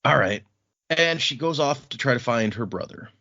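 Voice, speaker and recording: A man's voice: medium pitch, lively intonation, normal speed, pushed and bright, no room sound. A man hosting a casual book discussion podcast, retelling scenes and acting out the characters' lines. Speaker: podcast host. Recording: dull, muffled audio.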